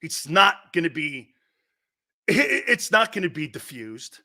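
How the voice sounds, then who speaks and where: Bright, high-voiced ranting sports talk host. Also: male voice, very animated, unhurried, gravelly. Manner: blunt, profane, repeats his point hammering it home. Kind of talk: opinionated sports talk rant.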